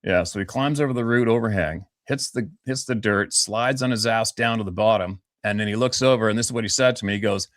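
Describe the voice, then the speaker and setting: Interview guest, male, 50s, from Vancouver Island; blunt and profane, animated storyteller, dry sound. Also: fairly low pitch, fairly quick, hardly any pauses, dry recording. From Vancouver Island, Canada.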